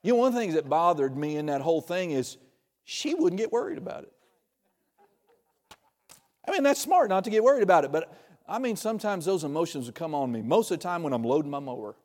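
Pastor, man, fairly high voice, chatty humorous sermon with loud bursts, long hall reverb. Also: animated, fast talker. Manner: conversational, joking preaching with sudden loud bursts.

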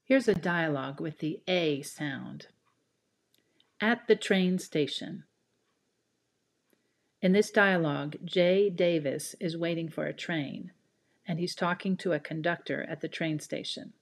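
A woman teaching a scripted pronunciation lesson, carefully enunciated and measured. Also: deep voice. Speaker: pronunciation instructor.

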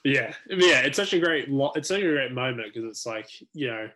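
A man co-hosting a casual film podcast, relaxed and agreeable. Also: mid-range voice, moderate pace. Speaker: podcast co-host.

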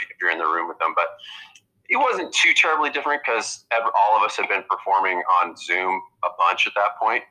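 A low-pitched man in casual podcast conversation, his voice bright and forceful. He rambles and restarts his sentences as he goes. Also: poor audio. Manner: rambling, halting with many restarts. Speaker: guest comedian.

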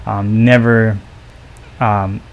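A man's voice: on the low side, flat delivery, drawn-out words, phone-quality sound. Reflective man rambling on a podcast. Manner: rambling, many fillers, reflective. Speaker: podcast co-host. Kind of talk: casual faith podcast chat.

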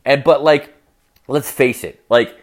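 A man's voice: mid-range voice, fairly even intonation, slow. A young man telling a profane, rambling story as a rant, full of fillers and crude asides.

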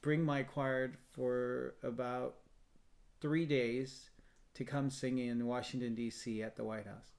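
A man's voice: mid-range voice, takes it slowly, vocal fry. A man, a choir founder, telling a story in a casual podcast interview and bringing the people he quotes to life. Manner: animated storyteller, quotes others in lively voices.

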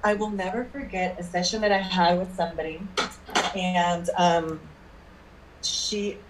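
A woman's voice: lowish voice, steady tone, unhurried. A woman working as a spirit medium, telling stories in a chatty way in a casual interview. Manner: chatty anecdotal storyteller, checks in with "okay?". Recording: roomy, distant mic, faint noise.

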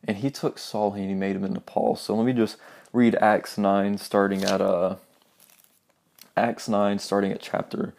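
A young man preaching in an earnest, informal way. His voice is low, gravelly and mellow. He reads scripture aloud and sometimes sinks to a soft near-whisper to drive a point home. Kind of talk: informal sermon with Bible reading.

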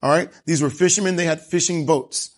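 Animated male preacher, slightly high voice. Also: a little fast. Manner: animated storytelling with rhetorical questions. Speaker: pastor. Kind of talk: sermon.

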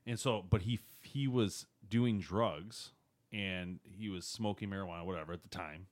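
A man co-hosting a podcast, telling stories in a casual chat with a laughing, lively delivery. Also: normal speed. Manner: lively, laughing storyteller with wide pitch swings. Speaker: podcast co-host.

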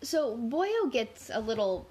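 A woman's voice: on the high side, sing-song, slow pace, darkish tone, breathy edge. A woman co-hosting a podcast in casual chat, talking in a loose, chatty way full of "like". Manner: chatty, filler-heavy, frequent "like". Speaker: podcast co-host.

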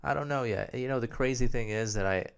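A young podcaster hosting alone while ill talks in a fairly quick, creaky, clean medium-pitched voice that's nasal and phlegmy from a sore throat. He rambles, pokes fun at himself and swears a lot.

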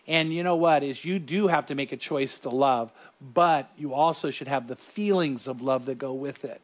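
Male pastor preaching to a small room of listeners, earnest and animated, voice sitting a bit high, words tumbling over restarts. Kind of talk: sermon.

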